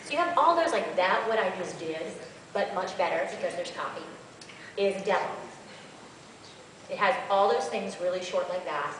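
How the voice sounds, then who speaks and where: A woman, a voice actress on a convention panel, answering questions in an animated, chatty and rambling way, recorded by a far camera. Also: fairly low pitch, normal speed, long pauses, slight background noise. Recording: echoey hall from far off.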